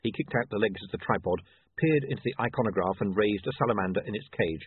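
A man narrating a story in a dry, measured storytelling manner. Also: on the low side, husky. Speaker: audiobook narrator. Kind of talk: scripted narration. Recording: tinny dry phone-like line.

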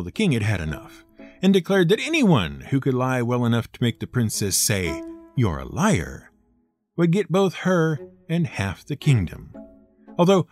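A man hosting a storytelling show, narrating a folk tale with wry, playful asides. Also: mid-range voice. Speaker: storyteller host.

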